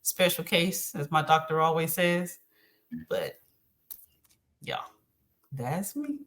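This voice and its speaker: A woman's voice: low-pitched, animated, takes it slowly, a bit bright. A middle-aged woman speaking as a podcast guest, talking earnestly about faith and encouragement with frequent ums. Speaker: podcast guest, host's mother. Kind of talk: casual chat.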